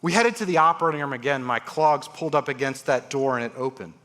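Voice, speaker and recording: A man's voice: mid-range voice, fast talker. A man giving a storytelling talk on stage as a transplant surgeon, acting out the voices of his patients. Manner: animated, acts out patients' voices. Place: large live event hall.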